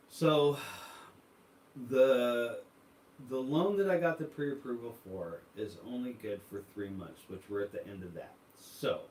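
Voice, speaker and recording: A man's voice: medium pitch, a little hiss or hum. Man, casual livestream host, rambling storyteller, far from the mic. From United States. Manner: rambling storytelling with many fillers. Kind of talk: casual chat reading viewer comments. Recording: echoey room, voice from far off.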